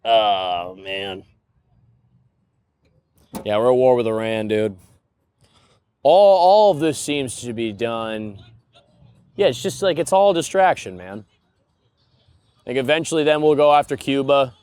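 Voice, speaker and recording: A man's voice: mid-range voice, expressive, measured pace, long pauses, a little mellow, clear, resonant tone, dry recording. A young man on a podcast microphone, talking through stories in a loose, rambling monologue. His voice rises and falls with a lot of animation. The sound is dry and close, with no room around it. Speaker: podcast host. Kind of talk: casual comedic monologue.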